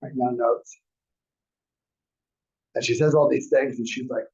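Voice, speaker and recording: A man's voice: mid-range voice, fairly even intonation, moderate pace, creaky, long pauses, darkish tone, slightly rough. A man in his forties teaching a class, rambling through personal anecdotes and acting out quotes in a dull lo-fi recording. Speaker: real estate class instructor. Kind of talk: casual storytelling lecture.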